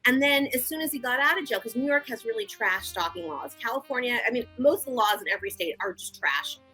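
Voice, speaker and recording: A woman guest and victim advocate, telling her story in a frank, animated, conversational interview. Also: on the high side, fast, faint music behind, low-quality recording.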